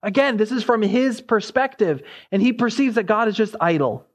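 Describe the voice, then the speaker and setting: A man's voice: sits high, animated, normal speed. A man preaching an expository sermon, his voice rising sharply as he voices the prophet's cries.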